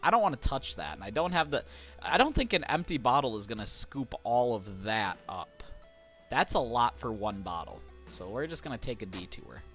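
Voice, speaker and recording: A man streaming a horror game, casually chatting, reading game text aloud and getting excitable. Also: mid-range voice, moderate pace, faint music behind. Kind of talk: casual let's-play commentary.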